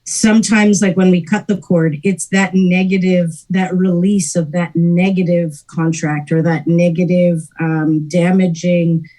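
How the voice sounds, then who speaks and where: A young woman co-hosting a casual spiritual chat, explaining calmly with many fillers. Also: fairly low pitch, unhurried, hardly any pauses, rough recording. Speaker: podcast co-host.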